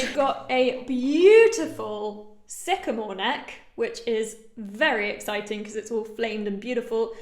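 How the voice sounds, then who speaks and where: A woman guitar maker talks excitedly and pokes fun at herself. Her voice sits a little high. The room around her is echoey. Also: measured pace, hardly any pauses. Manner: bubbly, excitable and self-mocking. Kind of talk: casual show-and-tell vlog.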